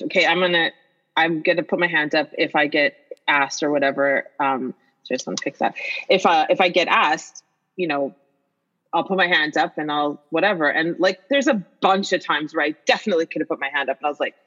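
A woman in her fifties chatting as a podcast guest, an animated storyteller who swears freely. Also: low-pitched, moderate pace, muffled recording. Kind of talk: casual chat.

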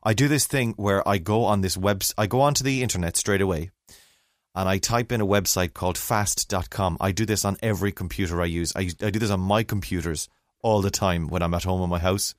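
Low, rambling Irish man telling a story. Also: fairly quick, dry recording, studio quality. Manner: rambling, self-mocking, acts out other voices. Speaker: podcast co-host. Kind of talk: casual storytelling chat.

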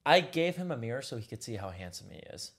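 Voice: medium pitch, sing-song, fast. A young podcast host chatting casually, easygoing and joking, swearing now and then. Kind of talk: casual chat.

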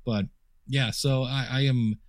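A man's voice: medium pitch, fairly even intonation, a little slow, no echo, clean studio sound. A man guesting on a podcast interview, telling chatty anecdotes full of quoted dialogue and fillers. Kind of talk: casual storytelling interview. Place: home office desk.

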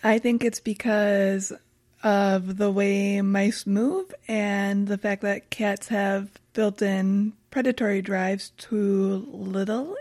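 A woman chimes in on a relaxed family chat as the aunt. Her humor is dry and teasing. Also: medium pitch.

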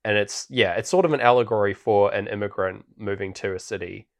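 A man's voice: lowish voice, a little fast. Laughing, rambling man chatting about a film. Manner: rambling, laughs often, many fillers. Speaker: podcast co-host. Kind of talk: casual film-review chat.

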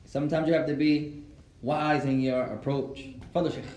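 Man, slightly high voice, teaching a class, mixes in arabic phrases, echoey room. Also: fairly even intonation, normal speed, darkish tone. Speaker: Islamic teacher. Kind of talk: lecture with Q&A.

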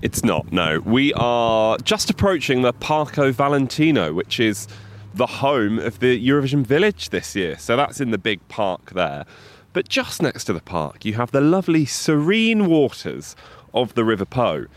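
A man's voice: mid-range voice, very animated, normal speed. A man co-hosting a podcast outdoors by a river, playful and reeling off facts in casual chat. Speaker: podcast co-host.

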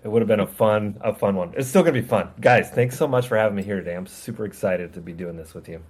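A man from California with an American accent, chatting as a guest filmmaker in a relaxed, friendly way and often chuckling. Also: fairly low pitch, quick pace. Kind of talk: casual chat.

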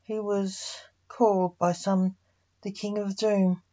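Slow, mellow woman storyteller. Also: mid-range voice, flat delivery, highs cut off. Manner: slow, plain narration. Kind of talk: reading a short story aloud.

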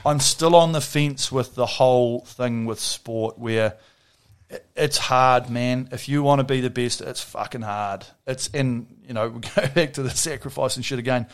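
A man's voice: medium pitch, normal speed, smooth. Blunt, foul-mouthed New man. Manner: blunt, swears freely, animated storytelling. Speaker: interview guest, former Olympic rower. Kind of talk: casual interview chat.

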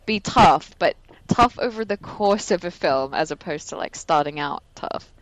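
A woman's voice: fairly low pitch, expressive, normal speed, rough recording. A woman co-hosting a casual film podcast, speaking in a loose, chatty way with lots of "like" fillers and frequent laughter. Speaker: podcast co-host. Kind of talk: casual film-review chat.

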